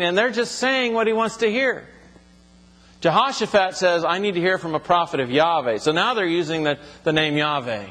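A man's voice: sits high, normal speed, sharp tone, in a large hall. A man teaching from the Bible, reading passages aloud and then explaining them in plain, conversational words.

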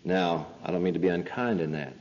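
A man's voice: low-pitched, brisk, a little mellow. A man preaching a sermon, emphatic and full of rhetorical questions. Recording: lo-fi hall recording.

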